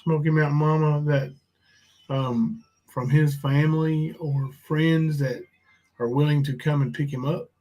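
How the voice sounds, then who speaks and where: A man hosting an interview, asking questions and agreeing in quick, sympathetic interjections. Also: a little high, steady tone, darkish tone, poor audio. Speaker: host. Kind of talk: talk-show interview.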